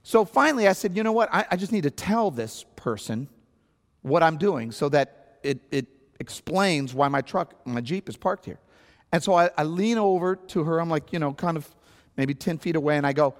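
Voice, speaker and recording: A man's voice: a little high, lively intonation, fairly quick. A man preaching as a pastor, telling a story with acted-out outbursts and a conversational sermon delivery. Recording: long hall reverb.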